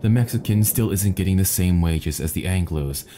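A smooth, placating male third mate coaxes the crew, as a man reads him. The voice sits low and mellow, the delivery calm and persuasive. A storybook telling. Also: moderate pace, slight background noise, close to an everyday voice.

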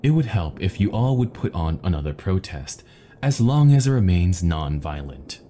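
A man doing a smooth-talking third mate. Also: low voice, sing-song, moderate pace, mellow, slight background noise. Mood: placating. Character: smooth, placating male ship's third mate.

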